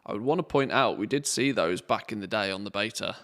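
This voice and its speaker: A man streaming a game, chatting casually and thinking aloud in a relaxed, rambling way. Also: on the low side, a little fast. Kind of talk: casual live-stream commentary.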